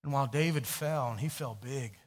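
A man preaching a sermon, telling a story and swinging from hushed, low passages to loud, emphatic questions. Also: fairly quick. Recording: long hall reverb.

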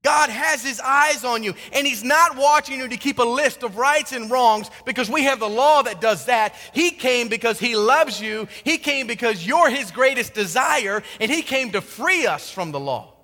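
A male pastor preaching a sermon, swinging between loud emphasis and hushed tones. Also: very high voice, lively intonation, moderate pace, few pauses. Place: church sanctuary with a congregation. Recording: long hall reverb.

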